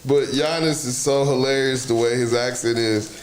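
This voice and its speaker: A man hosting a casual sports talk show, loud and profane, laughing often as he talks. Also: mid-range voice, steady tone, moderate pace. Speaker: podcast host. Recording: roomy echo, faint noise.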